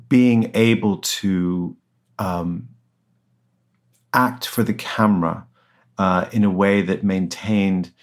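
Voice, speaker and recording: A man being interviewed about his book, answering hesitantly with many restarts and fillers. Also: deep voice. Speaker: author guest.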